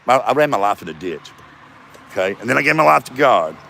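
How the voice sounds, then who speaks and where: A man's voice: mid-range voice, very animated, fast talker, creaky, a bit bright. A man in his fifties rambling and swearing in a self-mocking solo vlog, recorded outdoors in a front yard. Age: 50s. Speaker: comedian vlogger. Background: passing traffic.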